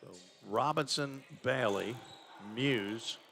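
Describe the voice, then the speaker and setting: Man, basketball commentary, conversational, middle pitch, faint gym noise. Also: takes it slowly, a bit bright. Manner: conversational, thinks aloud about stats. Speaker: play-by-play announcer.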